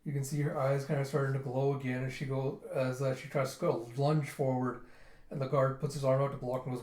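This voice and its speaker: A manga reviewer reads aloud, casually recapping a comic chapter in an easygoing readthrough. He keeps slipping into little character voices, making the retelling animated. His average-pitched voice talks a little fast and echoes as if in a roomy space.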